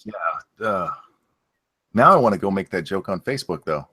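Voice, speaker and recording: Man, co-host, wry, swears a lot, low pitch, animated. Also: normal speed, slightly rough, no room sound, studio quality. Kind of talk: casual podcast chat.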